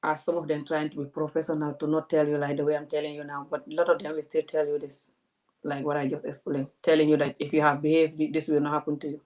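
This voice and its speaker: A woman, a vlogger giving animated, indignant commentary to her audience. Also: low voice, fast, poor audio. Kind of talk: casual commentary to a live audience.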